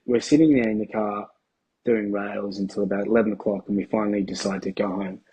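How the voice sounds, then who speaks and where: A man, a podcast guest telling a candid personal story in a casual, halting way with restarts and swearing. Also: fairly low pitch, a little mellow, breathy edge, rough recording. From Australia.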